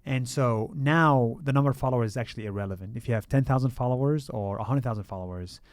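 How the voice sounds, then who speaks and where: A man's voice: medium pitch, fast talker, dry recording. Man explaining candidly in an interview. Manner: explanatory, frequent "uh" and "so". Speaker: guest content creator.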